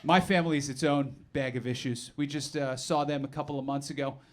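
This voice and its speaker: A man from New Jersey doing a stand-up comedy set, sarcastic and animated, with mock-outraged asides. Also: medium pitch, fairly quick. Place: comedy club stage, live audience. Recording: live club recording with audience noise.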